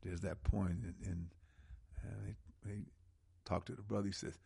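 Gravelly, impassioned male radio host. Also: deep voice, little pitch movement, mellow. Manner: impassioned, preaching cadence with emphatic slow stresses. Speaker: radio talk show host. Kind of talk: call-in radio talk.

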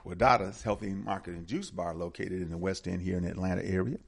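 A man's voice: low-pitched, steady tone, quick pace, gravelly, husky. A man hosting community announcements, talking casually and repeating the details and phone numbers. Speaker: community radio host. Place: Atlanta area.

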